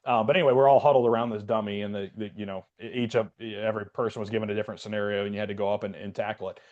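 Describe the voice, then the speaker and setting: A man's voice: fairly low pitch, level tone, rapid-fire, highs cut off. A man, a podcast co-host and Air Force veteran, telling a rambling story in casual chat with lots of fillers. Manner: rambling, many fillers and restarts.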